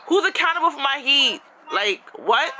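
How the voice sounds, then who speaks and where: A woman ranting about her apartment in a casual vlog, frustrated and animated, her pitch jumping high when she's exasperated. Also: normal speed. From New York. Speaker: vlogger. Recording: background noise.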